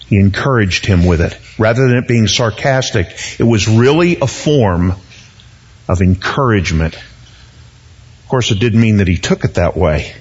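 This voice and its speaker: A man's voice: fairly low pitch, lo-fi sound. A man in his sixties preaching a conversational verse-by-verse sermon, with joking asides and repeated words. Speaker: pastor. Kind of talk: expository sermon.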